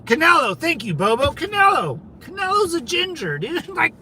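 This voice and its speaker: High, lively-voiced man chatting on stream. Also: moderate pace, a little hiss or hum. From California. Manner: rambling, conversational, peppered with "man" and "dude". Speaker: livestream host. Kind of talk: casual livestream chat answering viewers.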